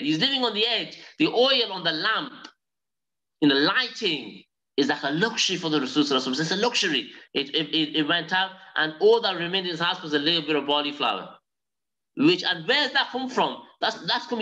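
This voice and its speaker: A man teaching a live online religious class. He tells stories in an animated way and recites Arabic phrases quickly. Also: high voice, poor audio.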